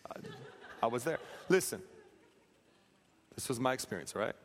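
A man preaching a sermon, telling a story with animated, acted-out quotes and humor. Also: mid-range voice, normal speed, a little hiss or hum. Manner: animated, acts out quotes, plays for laughs. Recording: reverberant hall.

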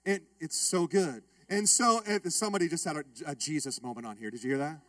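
A male pastor telling a funny story in his sermon, joking with and calling out to the congregation in a lively way. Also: on the high side, fairly quick. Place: church.

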